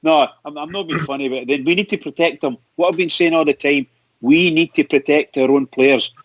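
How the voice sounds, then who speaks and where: A man's voice: a little high, a little fast, dry recording, low-quality recording. Scottish guy on fan radio, keeps laughing and tripping over his words, dead dry sound. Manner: excitable, laughs often, stumbles over words. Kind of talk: casual football chat.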